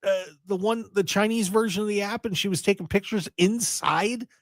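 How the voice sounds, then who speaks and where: A man hosting a wrestling radio show in casual chat, animated and prone to repeating words as he starts a sentence. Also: sits high, moderate pace, no room sound, studio quality.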